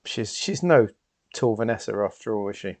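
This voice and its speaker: A man's voice: fairly low pitch, lively intonation, normal speed, a little mellow, dry recording. A man playing a tabletop role-playing game, talking in a rambling, hedging way with many fillers and restarts. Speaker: player.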